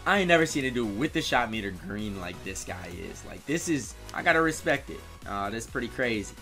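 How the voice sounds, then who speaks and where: Man, gaming commentator, hypes his plays and coaches the players on screen, soft music underneath. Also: mid-range voice, a little fast. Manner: excitable, talks to players on screen. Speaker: gaming YouTuber. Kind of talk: live gameplay commentary.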